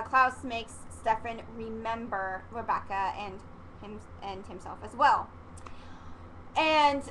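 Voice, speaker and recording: High-voiced excitable young woman vlogger. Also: a little hiss or hum, rough recording. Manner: excitable, rambling, swears casually, acts out quotes. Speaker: vlogger reviewing a TV episode. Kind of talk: casual chatty recap.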